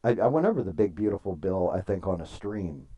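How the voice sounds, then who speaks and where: Low and sing-song, his voice is brisk and mellow with a slight roughness, and the recording has its highs cut off. He's casually streaming, spinning meandering stories, cursing freely, and reading chat aloud to reply to viewers.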